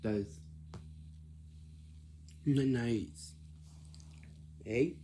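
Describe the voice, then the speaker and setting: A man talking casually to camera with job-hunting advice in simple, plain words, often halting and repeating himself as he lectures. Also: medium pitch, dark tone, slight background noise. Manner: repetitive, halting, restarts phrases often.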